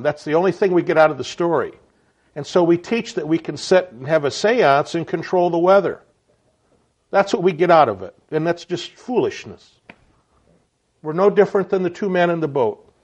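Earnest male preacher, slightly high voice. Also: a little mellow, highs cut off. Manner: earnest, reflective, with stammered restarts. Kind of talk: spoken sermon message.

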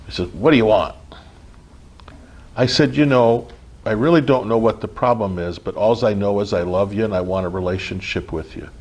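A man's voice: lowish voice, a little fast, darkish tone. A middle-aged man giving an informal spiritual teaching, earnest and repetitive, often checking in with his listeners. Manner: earnest, repetitive, frequent "okay?" check-ins. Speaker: spiritual group leader.

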